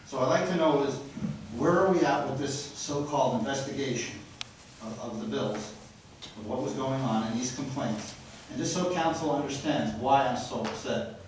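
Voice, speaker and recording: A man's voice: medium pitch, a little hiss or hum. A frustrated man giving a blunt, rambling public comment at a city council meeting. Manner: frustrated, grows loud and accusatory. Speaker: resident speaking at public comment. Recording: very echoey council chamber from far off.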